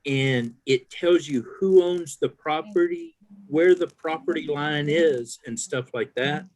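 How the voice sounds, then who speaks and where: A man's voice: fairly high pitch, slow pace, darkish tone. A man chatting casually on an online call about fishing gear, rambling with many fillers. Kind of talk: casual chat.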